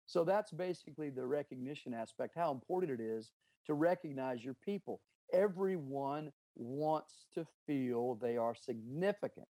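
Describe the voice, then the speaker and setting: A middle-aged business owner speaks at a moderate pace in a mid-range, dark-toned voice with no echo. In this interview he tells stories about leadership, earnestly and emphatically, quoting dialogue along the way.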